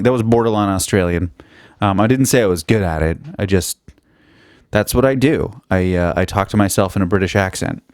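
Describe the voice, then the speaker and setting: A man's voice: fairly low pitch, brisk, darkish tone, no echo, studio quality. A man hosting his own podcast, talking in a rambling, profane, self-mocking comedic monologue. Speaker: podcast host.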